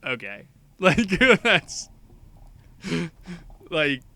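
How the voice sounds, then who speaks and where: A young adult man co-hosting a podcast, talking casually with an animated, jokey manner. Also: medium pitch, moderate pace, clean tone, no room sound. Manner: animated, jokey, laughs often. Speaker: podcast co-host. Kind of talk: casual chat.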